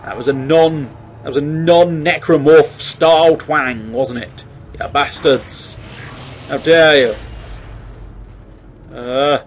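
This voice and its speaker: Guy doing let's play commentary, fairly high voice, jokey, bit sweary. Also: steady tone, slow pace, long pauses, slight background noise. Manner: jokey, chatty, mildly sweary. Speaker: gamer.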